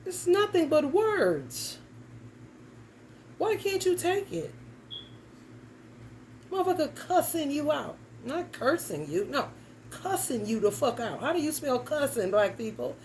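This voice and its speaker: A woman's voice: high-pitched, big pitch swings, a little slow, pauses often, a little mellow, a little hiss or hum, low-quality recording. A young adult woman giving a casual tarot reading, talking bluntly and emphatically with plenty of cursing and slang. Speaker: tarot reader.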